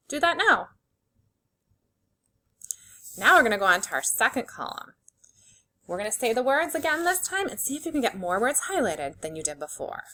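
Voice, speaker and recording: A woman teacher leading a phonics lesson for young children, slowly sounding out words and giving simple, encouraging instructions. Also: a little high, pushed and bright. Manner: slow, clearly segmented sounding-out of words.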